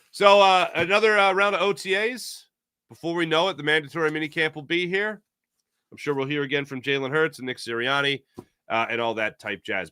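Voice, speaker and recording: A man hosting a casual sports talk show, rambling and animated, acting out imagined quotes. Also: medium pitch, clear, resonant tone, no echo, clean studio sound.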